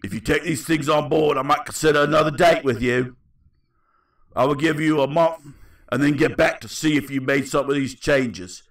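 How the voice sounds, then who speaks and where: A man's voice: a little high, fairly even intonation, normal speed, far from the mic, natural voice. A man voicing a condescending British man in a put-on Cockney accent, lecturing a woman about her faults. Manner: patronizing, lecturing. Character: smug British male date critic, condescending.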